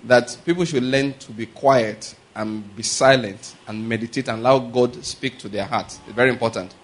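A man preaches a conversational sermon in a medium-pitched voice, chuckling through anecdotes. He often pauses to ask whether listeners are following, with lines like "are you getting my point?" and "all right?"

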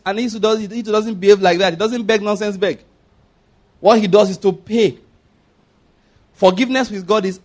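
Preaching with emphasis, this high-voiced pastor keeps checking that his congregation follows along. His delivery shifts back and forth between loud and quiet.

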